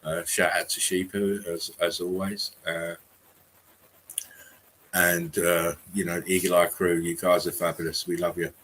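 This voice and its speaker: Low male co-host, halting casual chat, faint hiss behind. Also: flat delivery, a bit bright. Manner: rambling, many fillers and restarts. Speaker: stream co-host.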